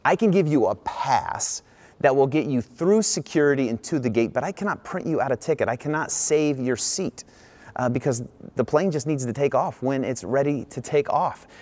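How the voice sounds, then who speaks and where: A male pastor preaching, telling a personal story in a lively, animated way before turning to scripture. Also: normal speed. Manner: animated storyteller, rises in pitch when excited. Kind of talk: sermon storytelling.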